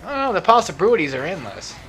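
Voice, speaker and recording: A man's voice: high-pitched, very animated, rapid-fire, fairly bright tone, soft background music. A young man giving casual, rambling gaming commentary at home, joking and laughing as he drifts off topic. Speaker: let's play host. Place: at home, not alone.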